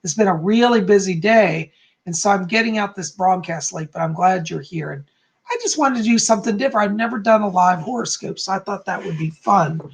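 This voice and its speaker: Brief: male psychic live-streamer, gravelly, chatty and upbeat, drifts off topic. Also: high-pitched. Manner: chatty and encouraging, speeds up and slows down; laughs at himself, easily sidetracked. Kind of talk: live-stream forecast, reading viewer comments aloud.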